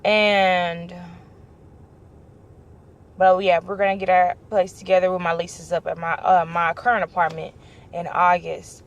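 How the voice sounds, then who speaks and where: A young woman vlogger telling a story in a casual chat, lively and acting out the lines of the people in it. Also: on the low side, a little slow, pauses often. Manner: animated, acts out quoted dialogue.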